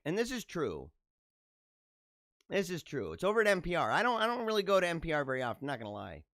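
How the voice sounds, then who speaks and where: Sarcastic high-voiced male podcast host. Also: a bit bright, no room sound, clean studio sound. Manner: sarcastic, mocking, laughs at his own jokes. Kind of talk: casual political commentary.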